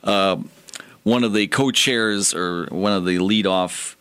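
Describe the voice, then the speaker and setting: A man co-hosts a talk radio show. His voice sits a little low and sounds dry and close to the mic. He speaks casually and keeps pausing to find his words. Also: fairly bright tone, smooth, dry recording. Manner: hesitant, many uh fillers and restarts. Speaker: radio co-host.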